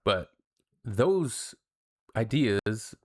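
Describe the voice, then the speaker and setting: Canadian guy hosting a reaction video, lowish voice, frank and talkative with his viewers. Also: sing-song, very slow. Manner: blunt, chatty, addresses viewers. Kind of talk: casual reaction commentary.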